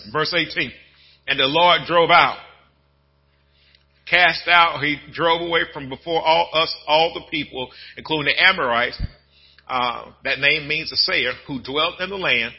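A man pastor preaching a sermon in a folksy, conversational way, dropping to low murmurs and then building to shouted bursts. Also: slightly rough, highs cut off.

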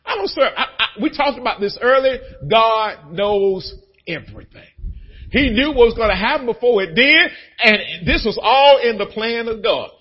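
A male pastor preaching a sermon in an animated, dramatic, conversational way. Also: very high-pitched, normal speed, highs cut off.

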